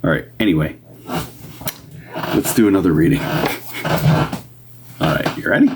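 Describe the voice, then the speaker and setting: A man's voice: deep voice, animated, slow pace, long pauses, noisy background. A man doing live medium readings on a stream, talking casually and rambling with many fillers and restarts. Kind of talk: casual livestream talk.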